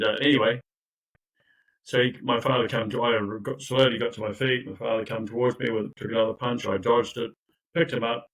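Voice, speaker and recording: A man's voice: mid-range voice, a bit bright, low-quality recording. An older man, a recovery coach telling his own story in an earnest, emphatic way with frequent restarts and asides. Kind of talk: personal storytelling in conversation.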